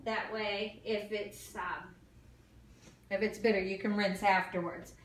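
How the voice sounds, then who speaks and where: A woman's voice: medium pitch, steady tone, unhurried, slight background noise. A woman giving a clinical exam and talking a patient through each step, sometimes tripping over medical terms. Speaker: nursing student performing an exam. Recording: echoey room, mic far off.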